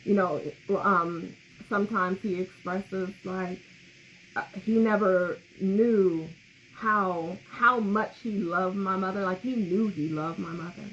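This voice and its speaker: A woman's voice: medium pitch, takes it slowly, fairly bright tone. A woman co-hosting a podcast on grief, talking candidly and emotionally, with frequent laughter. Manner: candid, emotional, laughs often, reads comments aloud. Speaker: podcast co-host. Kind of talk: casual podcast talk about grief. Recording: slightly muffled with faint background noise.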